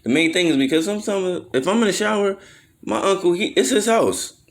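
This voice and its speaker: A man's voice: sits high, expressive, a little fast. A man telling a personal story in a casual, rambling way, full of slang and swearing, now and then acting out what others said. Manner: loose slangy storytelling, acts out quotes in raised voices; swears freely, trails off with fillers.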